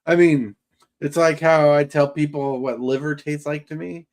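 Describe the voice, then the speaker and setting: A man's voice: a little high, steady tone, moderate pace, darkish tone. A man hosting a casual livestream, chatting in a rambling way and greeting viewers by name. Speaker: livestream host. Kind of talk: casual chat.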